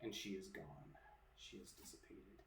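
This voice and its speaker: A man narrates a tabletop role-playing game as its game master, loose and conversational with plenty of fillers. His voice sits in a roomy, echoey space, and music plays clearly behind him. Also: moderate pace, a bit bright. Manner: casual, with fillers and restarts.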